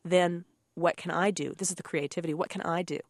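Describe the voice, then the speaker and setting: A woman's voice: lowish voice, a little fast, no echo, clean studio sound. A woman cookbook author chatting on a radio show, telling stories with laughs and acted-out voices. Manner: animated storyteller, laughs often, acts out quoted voices. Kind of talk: casual radio chat.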